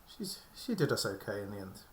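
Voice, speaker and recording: A man's voice: lowish voice, sing-song, brisk, slight background noise. A man playing a tabletop role-playing game, bantering in a jokey way and laughing often. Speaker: player.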